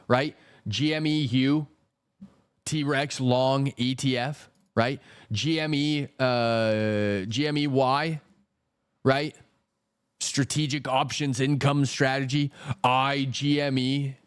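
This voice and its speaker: A man's voice: on the high side, smooth, no echo, clean studio sound. A man hosting a stock market livestream, ranting in a casual, exasperated way, swearing often and repeating himself. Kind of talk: casual profane market rant.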